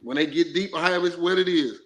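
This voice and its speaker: Animated former player telling it loose. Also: male voice, fairly high pitch, quick pace. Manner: loose, animated storytelling with slang. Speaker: former football player, guest. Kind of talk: casual sports talk.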